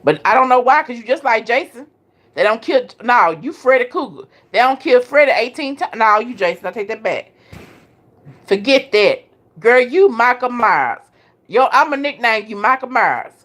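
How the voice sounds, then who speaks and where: A woman's voice: a little high, lively intonation, moderate pace, a bit bright. A woman hosting a casual live chat, talking straight to her viewers and laughing often. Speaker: live stream host.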